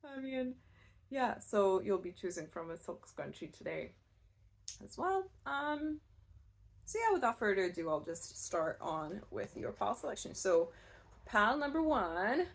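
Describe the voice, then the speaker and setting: A woman giving a casual pick-a-card tarot reading, chatty and rambling, with soft laughs and fillers. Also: on the low side, vocal fry. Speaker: tarot reader.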